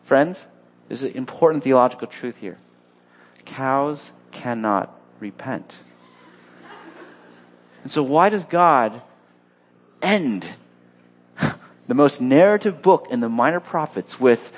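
A man preaching a sermon in a lively, humorous and conversational way. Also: medium pitch, slow, pauses often. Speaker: pastor.

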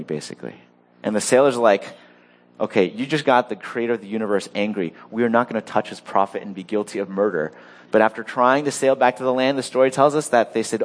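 A man preaching a sermon, animated, acting out the story's characters with sudden rises in pitch. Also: brisk. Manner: animated, acts out quoted voices with rising pitch. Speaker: pastor.

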